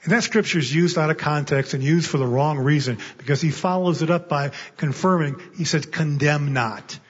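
A man's voice: a little high, fairly quick, husky. A man preaching a sermon as a guest speaker in a church, emphatic, often repeating a word as he starts a thought. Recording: muffled echoey church hall.

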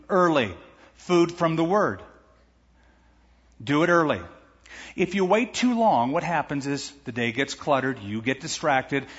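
Husky-voiced male pastor preaching in a hall. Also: fairly high pitch. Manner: conversational expository preaching with asides. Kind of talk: sermon. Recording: echoey hall, dull lo-fi sound.

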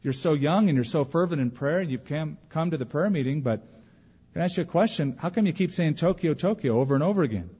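A man's voice: fairly high pitch, animated, fast talker, mellow, slightly rough. A man preaching a sermon as a pastor, telling stories and acting out the voices he quotes. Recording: dull audio with long hall reverb.

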